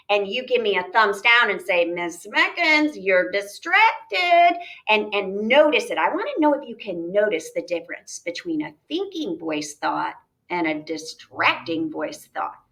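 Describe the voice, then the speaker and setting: A woman teacher talking students through a reading lesson, chatty and animated, modeling her thoughts aloud. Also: mid-range voice. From United States.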